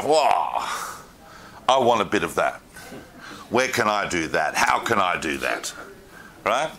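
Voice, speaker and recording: A man's voice: medium pitch, a little hiss or hum. A man giving an informal lecture to a class, asking questions of the room and answering them himself. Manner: animated, asks the room questions.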